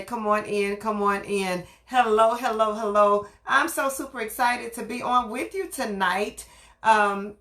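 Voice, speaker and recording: A woman's voice: on the high side, a little slow, sharp tone. Upbeat woman hosting a late-night livestream. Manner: upbeat, repetitive welcoming greetings. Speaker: livestream host. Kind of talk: casual live-stream chat.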